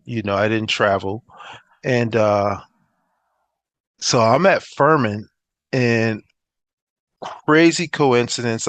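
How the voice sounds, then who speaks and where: A man's voice: mid-range voice, dry recording. A middle-aged man, a former pro football player, tells stories in a casual interview and acts out the dialogue he quotes. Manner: animated storyteller who acts out quoted dialogue.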